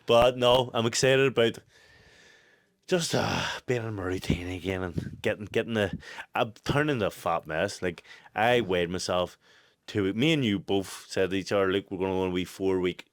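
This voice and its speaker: A young man with a Northern Irish accent, telling stories in casual podcast chat, swearing freely and laughing loudly. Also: lowish voice, moderate pace, dry recording. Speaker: podcast co-host, boxer.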